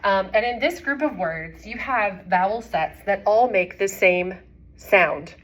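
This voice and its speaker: A woman's voice: mid-range voice, measured pace, dull audio. A woman teacher giving a phonics demonstration, carefully sounding out each phoneme before blending words. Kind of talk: instructional demonstration. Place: classroom or home, recorded on camera.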